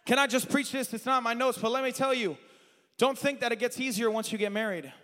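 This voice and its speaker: A male preacher, his voice high and bright, rising from quiet confession to full-throated shouting. The sermon rings through a large church hall with a long, lingering reverb. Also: brisk. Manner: impassioned, swings from hushed confession to shouting. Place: church sanctuary.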